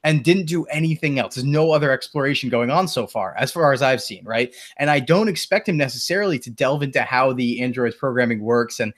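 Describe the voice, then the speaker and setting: A man co-hosting a casual gaming podcast, skeptical in his views but quick to laugh and agree. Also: mid-range voice. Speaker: podcast co-host.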